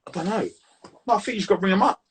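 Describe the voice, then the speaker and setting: A man's voice: high-pitched, very fast, breathy edge. A man, a guest in a casual video-call chat, talking in a laddish, slangy, easygoing way.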